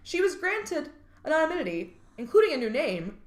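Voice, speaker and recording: A woman co-hosting a true crime podcast reads out case details, then breaks into casual jokes and the occasional swear word. Her voice is high-pitched and very animated, at a normal speed, with a roomy sound.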